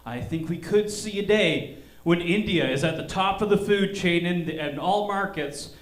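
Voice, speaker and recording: A man's voice: sits high, normal speed. A man doing stand-up at a comedy club, with dry observational jokes. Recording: roomy club sound, live stage mic.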